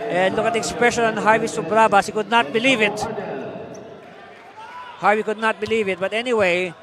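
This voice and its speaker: A man with a Filipino accent doing lively basketball commentary, with frequent fillers and rising excitement on the plays. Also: high voice, brisk, a crowd in the background. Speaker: play-by-play commentator.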